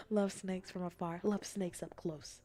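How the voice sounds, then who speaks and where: A woman streamer in a casual, rambling chat, playful and often dropping into soft whispers. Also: fairly low pitch, sing-song, slow, faint music behind.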